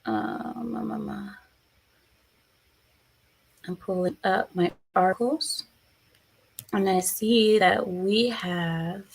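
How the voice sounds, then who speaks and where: A woman's voice: medium pitch, very slow, vocal fry, long pauses. A woman doing casual live-stream commentary, chatty and opinionated, reading viewer comments aloud.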